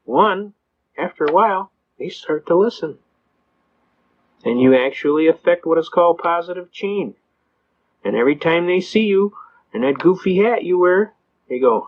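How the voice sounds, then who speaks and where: A man giving a storytelling lecture on legal rights, talking fast. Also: high voice, expressive. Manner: fast-talking, says he talks fast. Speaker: speaker teaching legal rights. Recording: dull lo-fi recording.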